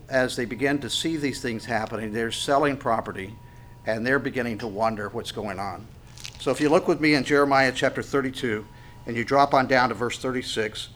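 A man preaching a sermon, reading scripture aloud with rising force and dropping low for asides to the congregation. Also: a bit bright. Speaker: pastor.

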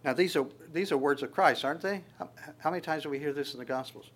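A man's voice: a little high, fast talker. Stammering conversational male preacher. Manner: conversational, quotes scripture and acts out voices in passing; frequent restarts and stammers. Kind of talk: sermon.

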